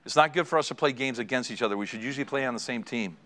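At medium pitch, his voice races along, pushed and bright. The middle-aged pastor preaches to married couples through storytelling, talking right to the congregation and laughing at his own anecdotes.

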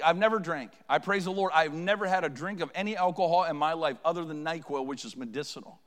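A middle-aged man preaching with a high, lifted voice. His words ring out into a church hall with a long, trailing reverb. He swings from loud declarations to soft, close questions. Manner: preaching with rising and falling intensity. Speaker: pastor. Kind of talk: sermon. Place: church sanctuary.

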